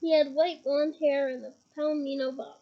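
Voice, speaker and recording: High-voiced young woman reading aloud. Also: little pitch movement, normal speed, highs cut off. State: head cold, occasional coughing. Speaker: reader.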